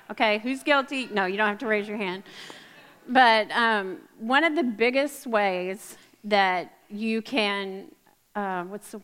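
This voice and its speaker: Woman, sermon, chatty asides, stage mic, mid pitch, echoey hall. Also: fairly bright tone, smooth. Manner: chatty and self-correcting, with asides to the audience. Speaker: women's ministry speaker. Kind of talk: sermon with Bible reading. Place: church or event hall with a live audience.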